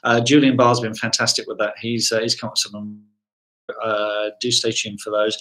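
Podcast host guy, bright tense voice, chatty sign-off banter. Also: mid-range voice, steady tone, fairly quick, low-quality recording. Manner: chatty, jokey sign-off patter. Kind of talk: live show chat.

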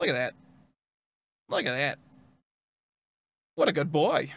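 A man streaming a game, commentating live with excitable, profane trash talk at the monster he fights. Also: a little high, slow pace, gravelly, slightly rough, no room sound. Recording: loud background noise.

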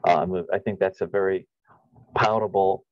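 A man's voice: low-pitched, steady tone, normal speed, a little mellow, dry recording, dull audio. A man giving an unscripted, profane commentary rant, rambling with many restarts, repeated phrases and sarcastic, scornful asides. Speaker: YouTube commentator.

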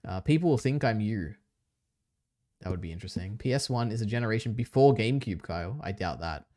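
A man's voice: on the low side, lively intonation, fairly quick, darkish tone, no echo, clean studio sound. Laid-back laughing male streamer. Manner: laid-back, chatty, trails off and laughs often. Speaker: streamer host. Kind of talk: casual stream chat.

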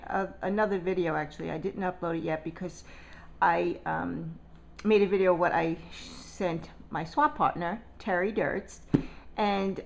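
This vlogger has a gravelly, medium-pitched voice, and the audio is poor. At her table at home she opens a swap package, excitably gushing over every item and gasping with delight again and again.

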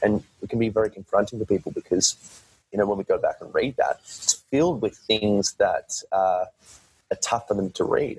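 A man's voice: lowish voice, normal speed, darkish tone, slightly rough, no room sound, poor audio. A man talking as a podcast guest in a casual, rambling way, often restarting his sentences and swearing now and then. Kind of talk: casual conversation.

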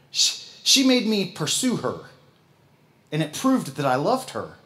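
Folksy Midwestern pastor preaching. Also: male voice, high-pitched, huge pitch swings, takes it slowly, a bit bright. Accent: Midwestern American. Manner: folksy, laughs at himself. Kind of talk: sermon.

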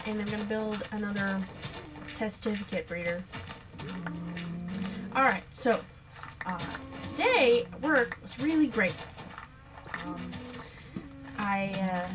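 A young woman hosting a gameplay video, chatting casually and rambling with frequent giggles. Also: mid-range voice. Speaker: let's play host.

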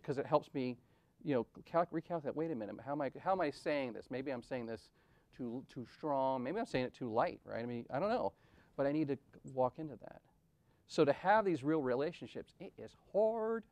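A man's voice: medium pitch, a little mellow, no echo. Candid self-deprecating man in his forties. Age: 40s. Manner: self-deprecating and conversational, with frequent "right?" asides. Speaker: conference speaker. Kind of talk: candid storytelling talk. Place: event venue.

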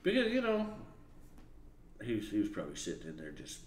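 A slightly fast, fairly low male voice recounts a story from work to camera, keeping it casual. Animated throughout, he slips into the voices of the people he describes. Faint background noise and echo fill the room.

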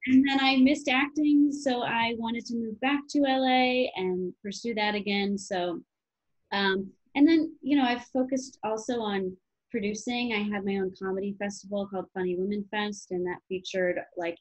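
A woman's voice: medium pitch, moderate pace, rough recording. A woman in her thirties from Chicago, an actress talking casually in an interview, with lots of "you know" and "um". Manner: chatty, many fillers like "you know" and "um". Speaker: actress guest.

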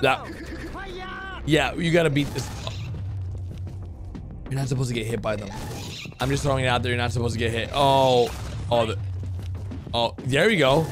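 A man giving excited reaction commentary to animated clips, blurting out reactions and cheering the characters on. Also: medium pitch, moderate pace, long pauses. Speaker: reaction video host. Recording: animation audio and music playing behind.

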